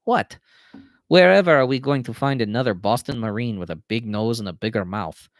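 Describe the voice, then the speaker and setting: A man voicing a mouthy, proud young male Marine who talks loud and teasing. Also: mid-range voice, a little fast, dry recording, studio quality, close to an everyday voice.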